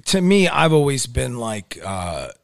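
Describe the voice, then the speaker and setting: A man from New York City in casual chat, talking in a relaxed, rambling way. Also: medium pitch, measured pace, vocal fry, no echo, clean studio sound.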